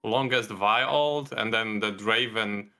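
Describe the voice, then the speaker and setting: A man talking as a podcast guest, relaxed and rambling with frequent restarts. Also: fairly low pitch, takes it slowly. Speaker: guest, video creator. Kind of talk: casual podcast chat.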